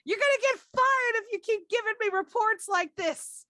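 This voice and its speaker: A woman voicing an angry male office boss who berates and panics in a high, loud voice during a tabletop game. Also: unhurried, no echo, studio quality, full character voice. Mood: berating. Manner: berating, frantic.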